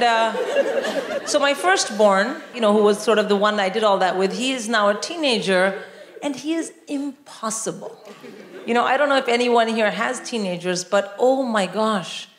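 A woman in her forties, from India, doing animated stand-up comedy on a concert hall stage, acting out voices and bursting into shouts. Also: a little high. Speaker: comedian and co-host. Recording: roomy live hall with crowd and noise.

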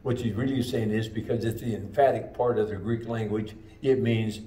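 A man preaching a sermon as pastor, with slow, emphatic delivery and drawn-out phrases. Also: on the low side, fairly even intonation, warm tone. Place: church sanctuary. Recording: echoey church room, mic at a distance.

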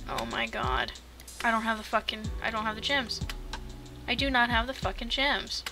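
A young woman giving casual gameplay commentary, swearing and shouting in sudden panicked bursts. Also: fairly high pitch, big pitch swings, normal speed. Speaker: gaming streamer. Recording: music playing under the voice. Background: background music.

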